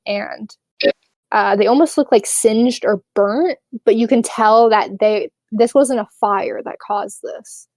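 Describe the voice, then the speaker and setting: A woman narrating as game master of a tabletop game, relaxed and rambling with many fillers. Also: mid-range voice, no echo.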